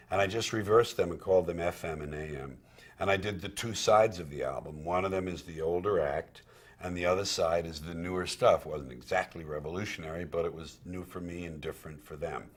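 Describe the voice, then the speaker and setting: A man's voice: low-pitched, fairly quick. A comedian recalling his career in candid, profane storytelling, acting out what he once said. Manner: candid and profane, acts out quoted dialogue. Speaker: stand-up comedian.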